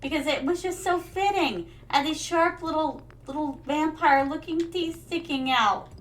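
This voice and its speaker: A woman's voice: high voice, moderate pace, slight background noise. A young woman streaming a game in casual, rambling chat, playing a playful royal persona who calls her viewers her darlings. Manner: rambling, many fillers.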